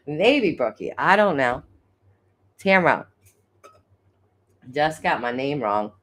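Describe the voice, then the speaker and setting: A middle-aged woman chats on her live stream in a low voice that swoops up and down with lively expression. She giggles often, reads viewers' comments aloud and jokes about herself. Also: drawn-out words, long pauses. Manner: giggly, self-deprecating, chatty. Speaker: live stream host reading chat. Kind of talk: casual live stream chat.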